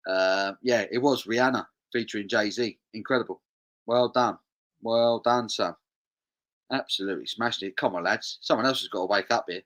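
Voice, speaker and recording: A man's voice: medium pitch, fairly bright tone, poor audio. A man with an English accent hosting a music quiz on a casual livestream, full of banter, repeating his phrases and reading out viewers' chat.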